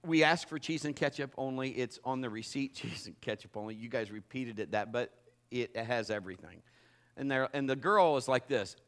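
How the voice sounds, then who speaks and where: A middle-aged man preaching a sermon, telling a funny story and acting it out in a lively way. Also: mid-range voice, normal speed. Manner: animated, acts out the story. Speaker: pastor.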